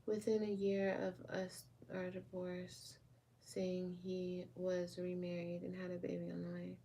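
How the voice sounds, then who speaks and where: A woman vlogger talks frankly with her viewers in a slow, unhurried way, her voice sitting a little low. She rambles and restarts as she answers their comments, calling them babe and girl. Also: monotone, vocal fry, dark tone. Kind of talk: casual livestream chat, answering viewer comments.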